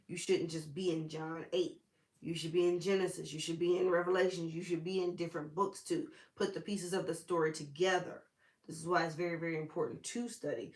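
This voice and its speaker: A woman with a fairly low voice hosts a casual Bible teaching. She talks in a chatty, informal way, full of slang and asides. Her voice carries an echo from a roomy space. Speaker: Bible study host. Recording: echoey room.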